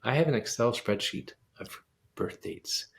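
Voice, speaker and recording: Gravelly-voiced man telling an animated story. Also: mid-range voice, unhurried. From United States. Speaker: guest pianist and composer. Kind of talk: storytelling in a casual interview.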